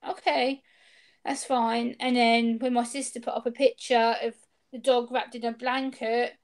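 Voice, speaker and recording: A young woman tells a personal story over a video call. Her voice sits a little high, and she jumps into the voices of the people she quotes. The delivery is casual and lively. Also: a little slow. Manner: animated, acts out quoted exchanges. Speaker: interview guest.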